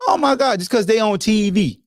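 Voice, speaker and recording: A man's voice: sits high, lively intonation, a little fast, dry recording, clean studio sound. A man hosting a sports podcast, ranting in a casual, profane, lecturing way. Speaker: podcast host. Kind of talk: casual sports commentary rant.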